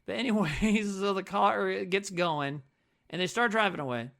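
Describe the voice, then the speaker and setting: A man's voice: high voice, normal speed, gravelly, a bit bright. A man co-hosting a casual movie-review podcast, swearing freely and laughing often. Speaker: podcast co-host.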